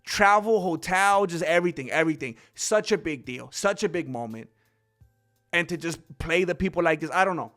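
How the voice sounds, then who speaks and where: A man hosting a casual commentary stream, rambling and animated, often acting out quotes. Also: fairly high pitch, moderate pace, soft background music. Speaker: host.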